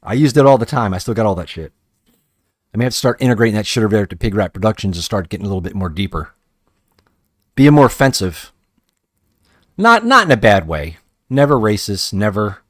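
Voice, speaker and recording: Brief: man, lower register, crude and rambling hobby streamer, dry close sound. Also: big pitch swings, fairly quick, pauses often, dry recording. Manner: profane, rambling, restarts sentences often. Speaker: hobbyist streamer painting action figures. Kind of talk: casual live-stream chat.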